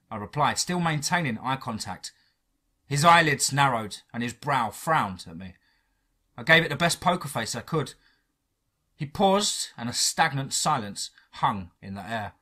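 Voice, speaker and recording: A man narrating a first-person horror story in a dramatic, measured way. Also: medium pitch, lively intonation, pushed and bright, husky.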